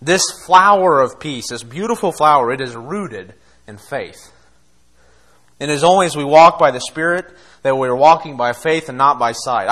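A man preaching a sermon, impassioned, swinging between quiet asides and loud exhortation. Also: fairly high pitch. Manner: impassioned, acts out quoted voices, laughs between points.

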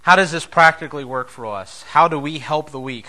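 A man preaching a sermon as pastor, emphatic, swinging between loud declarations and soft, low asides. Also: brisk, few pauses.

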